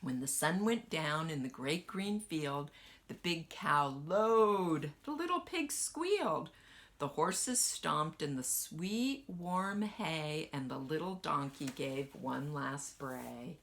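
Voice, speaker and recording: A woman kindergarten teacher gently reading a picture book aloud to children and asking them questions as she goes. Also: deep voice. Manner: slow, lively sing-song storytelling.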